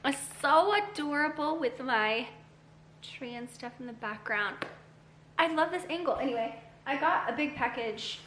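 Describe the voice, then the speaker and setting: A woman's voice: fairly high pitch, measured pace, pushed and bright, a little hiss or hum. A young woman vlogging casually at home, chatty and rambling with lots of "like". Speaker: book vlogger. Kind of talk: casual vlog chat.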